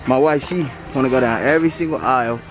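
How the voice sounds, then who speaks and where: A man with a St. filming a loud, joking vlog while shopping with his wife, teasing and laughing often. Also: medium pitch, quick pace. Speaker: vlogger, husband. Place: Walmart store, then parking lot.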